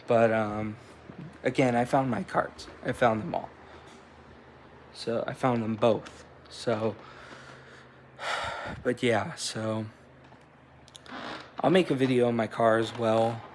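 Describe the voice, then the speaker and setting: A man's voice: mid-range voice, little pitch movement, takes it slowly, long pauses, slight background noise. A man in his twenties talking casually to the camera in a vlog. He tells a loose, rambling story with frequent swearing and restarts. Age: 20s. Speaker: vlogger. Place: indoors at home, with a cat.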